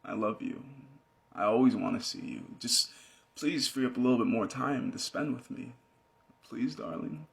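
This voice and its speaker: A man's voice: mid-range voice, normal speed, creaky. A man reciting pleading, rambling spoken word poetry, interrupting himself.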